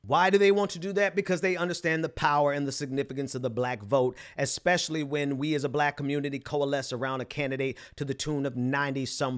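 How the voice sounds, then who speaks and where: A man from Mississippi with a softened Southern accent, hosting political commentary in an emphatic, scornful way with frequent restarts. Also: on the high side.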